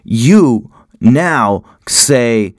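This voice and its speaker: A man's voice: medium pitch, lively intonation, very slow, dry recording, clean studio sound. A man hosting a podcast, delivering a heated ranting monologue and swearing constantly. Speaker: podcast host.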